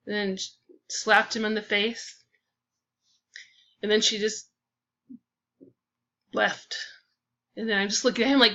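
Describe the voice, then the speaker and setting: Woman, bright voice, expressive storytelling, acts out dialogue, dull lo-fi recording. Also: mid-range voice, measured pace, pauses often. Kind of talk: casual personal storytelling.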